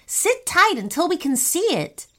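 A woman's voice: extremely high pitch, big pitch swings, unhurried, a bit bright, pitched above the performer's own voice, heavily acted. A woman voicing a brave boy, the older brother, earnest and protective. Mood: alarmed.

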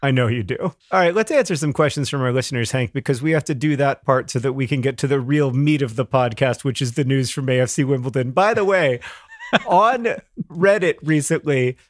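A man's voice: medium pitch, a little fast, no room sound. A middle-aged man co-hosting a podcast, chatting casually with wry, dry humor and frequent laughter. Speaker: podcast co-host. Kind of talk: casual chat.

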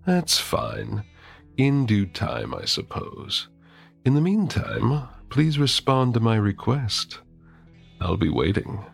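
A man voicing a smooth, condescending male villain who speaks slowly and smugly in an audio story. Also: mid-range voice, soft background music, voice pushed up, exaggerated voice. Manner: slow, smug, calm.

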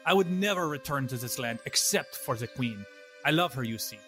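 A man's voice: mid-range voice, lively intonation, normal speed, bright, forceful tone, soft background music. A man playing a foreign-born courtier with a put-on accent, talking theatrically in an improvised comedy play. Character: foreign-born courtier plotting against the queen.

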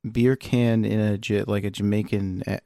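A man's voice: fairly low pitch, level tone, moderate pace, mellow. A man co-hosting a podcast, teasing his partner with wry jokes in casual chat. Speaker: podcast co-host.

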